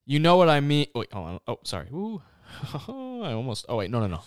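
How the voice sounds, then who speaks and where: A man's voice: on the high side, huge pitch swings, brisk, clear, resonant tone, no room sound, clean studio sound. A young man co-hosting a podcast, chatting casually, laughing often and mock-reading a story in a sarcastic voice. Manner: laughs often, reads lines in a sarcastic put-on voice. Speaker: podcast co-host.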